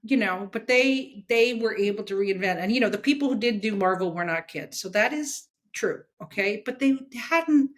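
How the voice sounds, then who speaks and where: A woman's voice: medium pitch, animated, normal speed, hardly any pauses. A woman talking bluntly and emphatically as a guest in a casual interview, often checking in with "okay?". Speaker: comics editor and guest.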